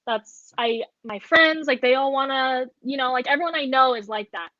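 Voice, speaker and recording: A woman's voice: high voice, normal speed, bright, forceful tone, no echo. A young woman co-hosting a podcast, telling a story in casual chat with lots of filler words. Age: young adult. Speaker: podcast co-host. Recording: dull lo-fi dry sound.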